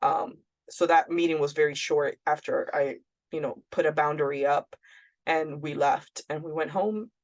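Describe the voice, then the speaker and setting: A woman's voice: deep voice, normal speed. A woman co-hosting a podcast, telling a personal story in a candid, blunt way and often quoting herself. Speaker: podcast co-host.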